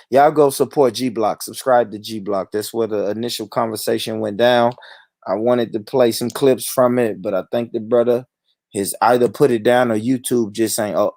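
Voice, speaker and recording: A man's voice: lowish voice, darkish tone, no room sound, clean studio sound. A man hosting a livestream, ranting in a heated, profane, repetitive way. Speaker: livestream host.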